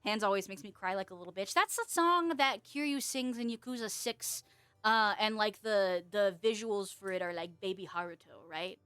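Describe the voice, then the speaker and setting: A woman's voice: medium pitch, moderate pace, a bit bright, clean tone, dry recording. A young woman chatting casually on a live stream, rambling, giggling often and swearing offhand.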